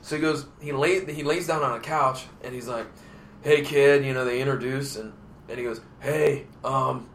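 A man's voice: mid-range voice, steady tone, moderate pace, a bit bright, a little hiss or hum. A man in casual chat, telling a story animatedly and acting out the quotes.

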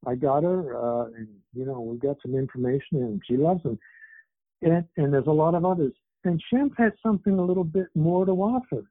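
A slightly high male voice with no room sound belongs to an author in his seventies who was born in England and raised in Canada. As a guest on a casual interview over a tinny phone line, he rambles with many fillers.

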